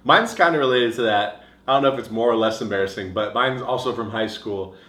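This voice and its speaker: Deadpan young man, echoey room. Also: on the low side, a little fast. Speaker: podcast co-host. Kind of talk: casual chat.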